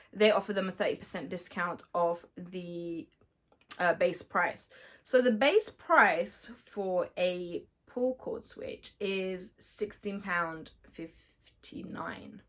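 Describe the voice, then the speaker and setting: Slightly hoarse woman at a medium pitch, a tradesperson talking through details in a chatty vlog. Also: a bit bright. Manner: chatty, many fillers, explains step by step. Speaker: electrician. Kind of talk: casual explanatory vlog.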